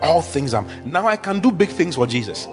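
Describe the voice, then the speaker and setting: A man's voice: fairly high pitch, very animated, brisk. Guy preaching hard, repeating lines, gets the crowd to say it back, music underneath. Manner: emphatic, repetitive declarations; leads congregation in call-and-response. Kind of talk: sermon.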